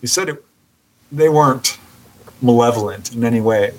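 A man who is a podcast guest, telling a story with lively narration that acts out the people in it and laughing often. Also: mid-range voice, moderate pace, low-quality recording. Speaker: guest, author on UFO encounters. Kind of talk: animated storytelling in a podcast interview.

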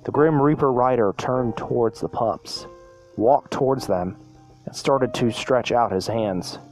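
A man's voice: medium pitch, a little slow, darkish tone, soft background music. A man narrating a children's story aloud, reading with frequent restarts and self-corrections. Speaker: storyteller, podcast host.

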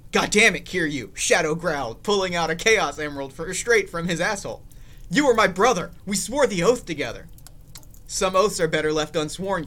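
A young man with a high-pitched voice reads a listener's story on a comedy podcast. His tone is bright and playful, and he hams up the dramatic parts. He sounds close to the mic. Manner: playful, theatrical, mock-dramatic reading. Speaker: podcast host.

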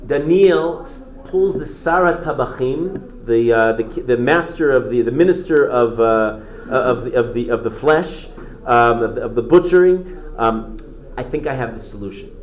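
A man teaching a lively, conversational storytelling class who quizzes his listeners as he goes. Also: medium pitch, measured pace, echoey room, poor audio. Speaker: Torah teacher.

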